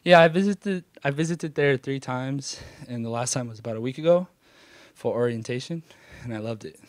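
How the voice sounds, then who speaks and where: A man's voice: medium pitch, normal speed, no echo. A young man in his late teens from California, answering interview questions thoughtfully and hesitantly, with many fillers. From California, USA. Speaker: interviewee, dancer. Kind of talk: casual interview.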